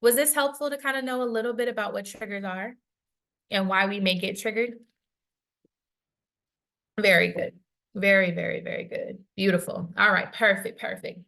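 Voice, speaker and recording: A woman presents a wellness workshop in a relaxed, conversational way. She keeps checking in with her listeners and slips into little acted-out voices for the thoughts she describes. Her voice sits at a middle pitch. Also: moderate pace, vocal fry, pauses often. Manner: conversational, often asks "right?" to check in; acts out quoted inner voices. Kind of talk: interactive workshop talk.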